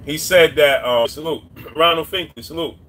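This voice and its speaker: High-voiced man doing live boxing talk. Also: moderate pace. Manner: repetitive, shouts out chat names. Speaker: boxing commentator. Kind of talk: live-stream commentary.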